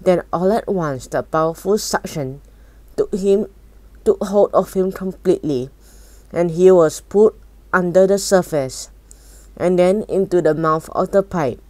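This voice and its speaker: A woman reading a children's book aloud in a steady, unhurried way. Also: fairly low pitch, no echo. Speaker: storybook reader.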